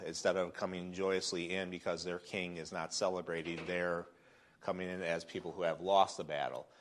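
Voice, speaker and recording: A middle-aged man teaching a Bible lesson in a church Sunday School class, speaking conversationally with fillers and restarts. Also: low-pitched.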